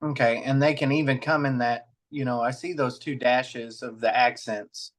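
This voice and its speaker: A man's voice: medium pitch, steady tone, normal speed. A man with a Southern US accent, a student politely asking hesitant questions in class.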